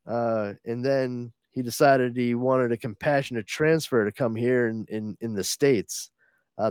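Laughing, animated man talking comics. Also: on the low side, no echo, clean studio sound. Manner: laughing, animated retelling with acted-out quotes. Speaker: comic book podcast host. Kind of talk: casual comic discussion.

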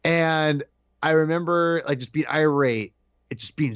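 A man in casual podcast chat, telling an animated story and acting out his own shouted lines. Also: fairly high pitch, brisk, dry recording. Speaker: podcast guest co-host. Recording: dull lo-fi dry sound.

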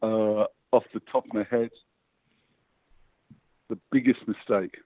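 A man's voice: lowish voice, unhurried, dry recording. Man on a tinny phone line. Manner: lively anecdotes, motivational. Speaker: guest, publicist. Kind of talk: interview storytelling.

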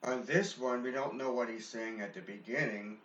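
A man's voice: medium pitch, moderate pace, a bit bright. Easygoing man co-hosting a paranormal show. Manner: plain, agreeable, easygoing. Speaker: paranormal investigation show co-host. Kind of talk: casual commentary on recordings. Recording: echoey, muffled lo-fi recording with faint hiss.

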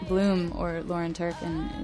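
A woman's voice: lowish voice, little pitch movement, moderate pace, over music. Chatty, playful woman guest. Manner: laughs easily, chatty and playful. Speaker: guest musician. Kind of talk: casual chat.

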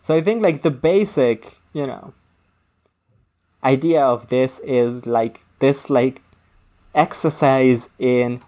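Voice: medium pitch, takes it slowly, dark tone. Podcast co-host, rambling, self-correcting, casual book talk.

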